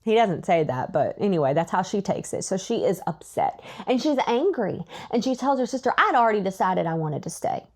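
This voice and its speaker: A woman's voice: medium pitch, fairly quick, few pauses. Chatty woman retelling a story. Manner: chatty, animated retelling with laughs and acted-out quotes. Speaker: podcast host. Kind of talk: casual book recap.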